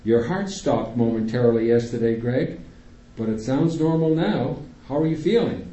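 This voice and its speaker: Man playing a steady family doctor, firm, reassuring, dark mellow tone, echoey room. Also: mid-range voice, normal speed, muffled recording, natural voice. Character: calm, authoritative male family doctor.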